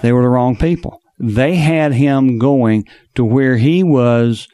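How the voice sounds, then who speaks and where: A man's voice: medium pitch, slow, dark tone, no room sound, clean studio sound. A man who hosts the show as a financial planner, telling anecdotes in a conversational interview.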